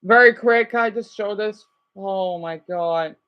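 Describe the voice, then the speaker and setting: A woman live-streaming, chatting casually to her viewers in a rambling, excitable way, full of fillers. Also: mid-range voice, unhurried, muffled recording.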